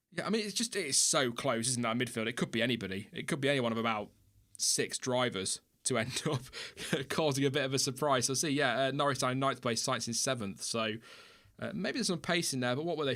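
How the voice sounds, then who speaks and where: A man's voice: mid-range voice, a bit bright. A man hosting a casual live stream, chatting loosely and reading out viewer comments with small laughs. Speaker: livestream host.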